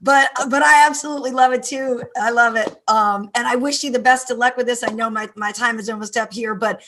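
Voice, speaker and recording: A woman's voice: a little high, fairly even intonation, bright, forceful tone, a little hiss or hum. A woman hosting a casual video call interview, upbeat and chatty. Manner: upbeat, chatty, quick agreeing replies. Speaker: interviewer host.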